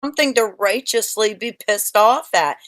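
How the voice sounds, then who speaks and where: A woman speaks in a casual live stream chat with a lively, animated pitch. She explains her view earnestly. The sound is dry and close. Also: normal speed, no echo. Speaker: panel participant.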